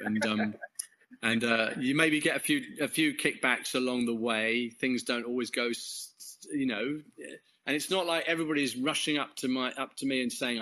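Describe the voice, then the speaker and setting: A man's voice: mid-range voice, fairly even intonation, normal speed, bright, forceful tone, poor audio. An English man, a course leader and interview guest, sharing a testimony in a rambling, self-correcting way with frequent chuckles. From England.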